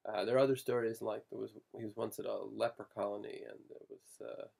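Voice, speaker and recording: A man telling family anecdotes in an interview, halting and digressive, with frequent restarts. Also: fairly low pitch, level tone, creaky, darkish tone. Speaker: family descendant telling stories.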